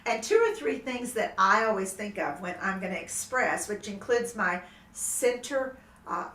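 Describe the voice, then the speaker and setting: A woman instructor calmly explaining seated movement exercises to a class. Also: mid-range voice, measured pace. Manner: gentle, explanatory, then animated emoting. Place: room with music playing. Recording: echoey room, mic at a distance, music behind.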